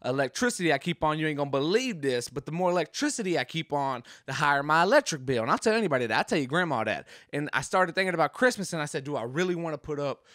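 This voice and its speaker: A man's voice: a little high, animated, quick pace, hardly any pauses, a bit bright, no room sound. Rambling jokey man, dry room. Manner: rambling, jokey, does voices. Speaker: podcast host. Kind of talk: casual comedic monologue. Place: home game room.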